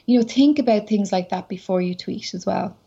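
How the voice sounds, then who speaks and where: A woman's voice: mid-range voice, brisk, vocal fry, breathy edge. Chatty Irish woman telling stories. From Ireland. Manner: chatty and animated, telling anecdotes with lots of "like" and "you know". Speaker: guest, social media entrepreneur. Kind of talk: casual conversational storytelling. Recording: slightly dull lo-fi audio.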